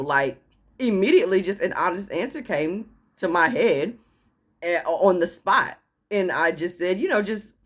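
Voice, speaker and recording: A woman vlogger casually telling a personal story, acting out what others said and laughing as she goes. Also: mid-range voice. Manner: animated, laughing, acting out quotes.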